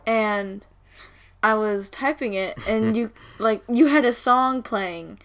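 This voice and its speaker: A woman's voice: a little high, slow. A teenage girl from Georgia in the US, co-hosting a casual podcast chat in a chatty, giggly way. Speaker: co-host guest.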